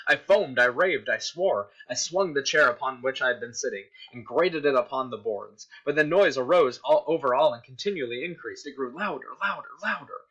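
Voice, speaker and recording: Frantic guilt-ridden murderer confessing, read dramatically by a man, sharp bright tone. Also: mid-range voice, animated, brisk, hardly any pauses. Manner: dramatic reading, rising to shouts. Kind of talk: dramatic story reading. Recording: dull lo-fi recording.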